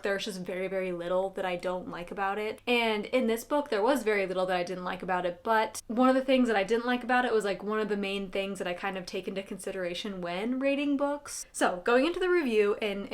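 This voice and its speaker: Chatty, rambling woman vlogger. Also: mid-range voice. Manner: rambling, emotional, heavy use of "like". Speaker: book vlogger. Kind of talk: casual chat.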